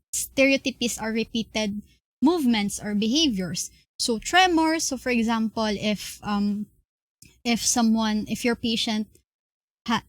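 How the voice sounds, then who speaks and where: A young woman with a Filipino accent giving an online class lecture, explaining slowly with many fillers and restarts. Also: fairly high pitch, dry recording. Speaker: class presenter.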